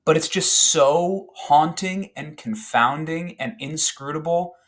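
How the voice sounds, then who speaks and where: Animated rambling man on a podcast. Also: on the high side, takes it slowly. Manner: animated, rambling with fillers and restarts. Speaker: podcast guest. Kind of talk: casual chat recounting a favorite film scene.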